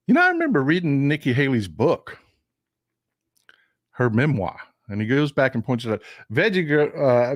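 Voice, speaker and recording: A man's voice: medium pitch, no room sound, clean studio sound. Chatty man hosting a stream. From United States. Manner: chatty, laughs often, reads viewer comments aloud. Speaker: live stream host. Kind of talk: casual talk to viewers.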